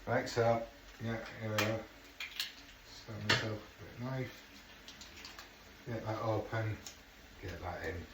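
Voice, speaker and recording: A man's voice: lowish voice, slow, long pauses. Chatty man cooking, echoey kitchen. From England. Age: middle-aged. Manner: chatty, swears under his breath. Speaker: home cook. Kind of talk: casual cooking vlog chat. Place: home kitchen. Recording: echoey kitchen, far from mic, noisy.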